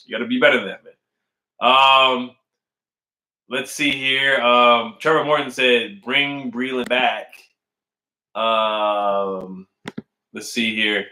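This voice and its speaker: A man's voice: mid-range voice, steady tone, takes it slowly, long pauses, bright, forceful tone, reverberant, rough recording. A man casually chatting on a live stream, reading fan comments and repeating his points with emphasis. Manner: repetitive, emphatic, says "man" and "I really do" often. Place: at home indoors.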